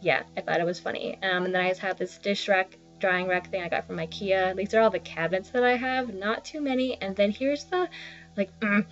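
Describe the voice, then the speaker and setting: A woman's voice: mid-range voice, brisk. Chatty young woman on an apartment tour. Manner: chatty, self-deprecating, rambling asides. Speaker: vlogger giving a home tour. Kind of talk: casual narration of an apartment tour. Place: small basement apartment. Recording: slightly dull lo-fi sound with faint background music.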